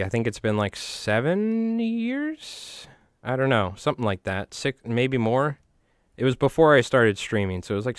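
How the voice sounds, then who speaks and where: A man, chatting in a rambling, animated way to his viewers while tying flies on a live stream. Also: fairly low pitch, no echo, studio quality. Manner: rambling, animated, talks to chat.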